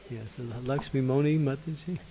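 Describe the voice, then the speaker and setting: A man's voice: mid-range voice, steady tone, fairly quick, warm tone, a little hiss or hum, poor audio. A man acting as a spiritual teacher who answers questions from a gathering, good-humored and laughing often.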